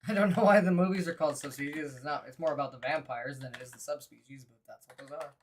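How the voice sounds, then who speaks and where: A woman with a very deep voice co-hosts a casual stream. She is laid-back and laughs softly while she adds bits of movie trivia. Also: fast, slight background noise. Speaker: co-host. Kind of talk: casual chat.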